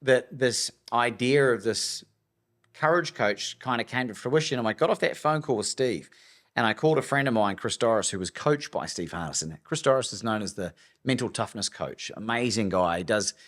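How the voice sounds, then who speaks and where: A man with an Australian accent, a coach telling a story on a podcast in an animated way and acting out the dialogue. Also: medium pitch, normal speed. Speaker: guest, coach and speaker.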